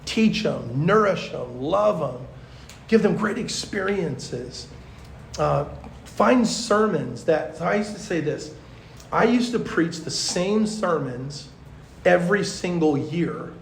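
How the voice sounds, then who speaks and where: A man, a pastor, teaching at a youth conference in a chatty, animated storytelling way, full of fillers. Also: a little high, takes it slowly, vocal fry, slight background noise. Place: large conference hall. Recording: echoey hall.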